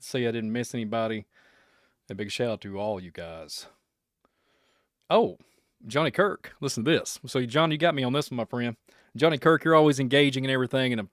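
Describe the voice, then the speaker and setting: A man's voice: mid-range voice, dry recording, clean studio sound. A man from Kentucky with a Kentucky accent, hosting a casual livestream podcast in a rambling, speculative, joking way. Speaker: podcast host.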